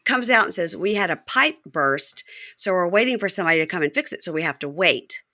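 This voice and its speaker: A woman hosting a podcast, chatting casually as she recaps a reality show and acts out the cast's lines in quick voices. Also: fairly low pitch, expressive, pushed and bright, no echo, clean studio sound. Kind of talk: casual chat.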